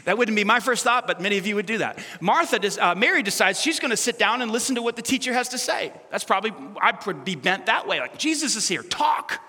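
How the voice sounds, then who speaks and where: A man's voice: high-pitched, expressive, quick pace, few pauses, sharp tone. A male pastor giving a sermon in a conversational, playful way, with asides and self-corrections. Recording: long reverb of a large hall.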